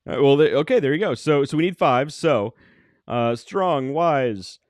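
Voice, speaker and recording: A man's voice: fairly high pitch, expressive, normal speed, no echo, studio quality. A man hosting a podcast in casual, joking chat, leading a brainstorm. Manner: jokey, leads the exercise. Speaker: podcast host.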